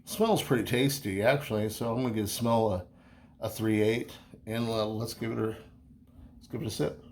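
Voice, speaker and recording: A man's voice: on the low side, fairly even intonation, normal speed, noisy background. A man talking casually through a beer review, easygoing and chatty, rambling with many fillers and restarts.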